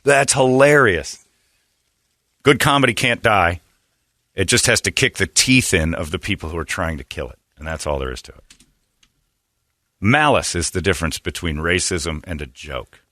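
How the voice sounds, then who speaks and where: A man's voice: deep voice, animated, bright, forceful tone, no room sound, clean studio sound. A middle-aged man hosting a morning radio show, ranting and mocking in a brash way. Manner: brash, ranting, quick to mock, slips into put-on voices. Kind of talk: opinionated morning radio talk.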